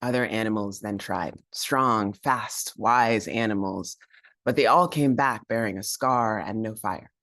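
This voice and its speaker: A man telling a folk tale aloud in an animated, playful way, with chanted sound effects. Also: lowish voice, a little slow, no echo, studio quality. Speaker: storyteller.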